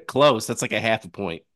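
A man hosting a casual movie podcast, easygoing and quick to laugh. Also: on the low side, expressive, a bit bright, no room sound, clean studio sound. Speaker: podcast host.

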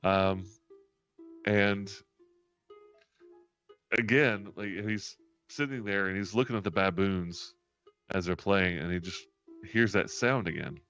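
A man running a tabletop game as game master, narrating in a relaxed, chatty way. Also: low-pitched, slow, pauses often, smooth. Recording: dull lo-fi stream audio, faint music.

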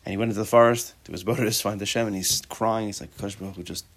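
Low-voiced man teaching a casual Torah class. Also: steady tone, rapid-fire. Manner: casual and conversational, with rhetorical questions and joking asides; mixes Hebrew terms into English speech. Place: class with students present.

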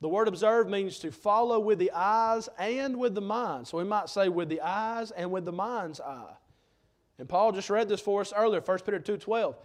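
A man's voice: sits high, normal speed. A man preaching a sermon, earnest and emphatic, citing scripture verses as he goes.

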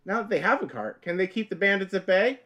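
A man doing a squeaky hyped teaser announcer. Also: animated, bright, forceful tone. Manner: dramatic, drawn-out teaser delivery. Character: overexcited male show-teaser announcer.

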